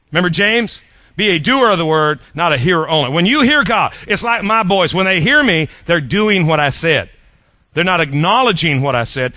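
A middle-aged male pastor preaching a sermon in an animated, joking way, often repeating his words. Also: high voice, no room sound.

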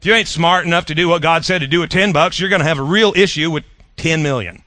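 A middle-aged male pastor preaching a sermon in an animated, joking way, often repeating his words. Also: on the high side, fast, no room sound.

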